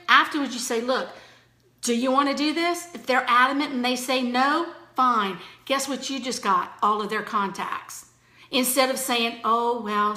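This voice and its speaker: A woman giving a chatty, energetic motivational training talk to her team, full of fillers. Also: a little high, roomy sound.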